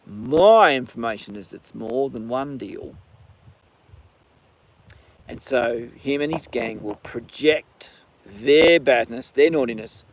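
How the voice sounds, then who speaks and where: A man with an Australian accent, live-streaming from a horse paddock on his phone, ranting and then chatting casually. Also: mid-range voice. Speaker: livestream host.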